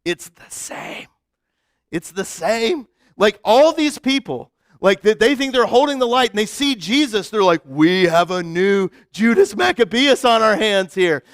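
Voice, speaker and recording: A man preaching a relaxed, conversational sermon with a fairly high voice. He talks in a chatty way, full of "like" and quick restarts. The sound is close and dry. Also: no echo. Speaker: pastor.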